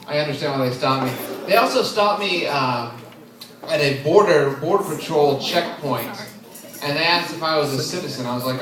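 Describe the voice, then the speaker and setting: Young guy doing deadpan standup, kinda high voice, far off mic in a boomy club, crowd laughing. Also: moderate pace. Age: 20s. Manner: deadpan, self-deprecating, chuckles at own jokes. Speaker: stand-up comedian. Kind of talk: open mic stand-up set. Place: comedy club stage. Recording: echoey club heard from afar, crowd noise. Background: audience laughing.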